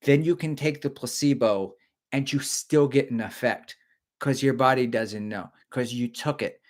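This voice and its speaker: A man's voice: medium pitch, a little slow. A middle-aged man hosting a casual live stream, joking and rambling while he reads viewer comments aloud.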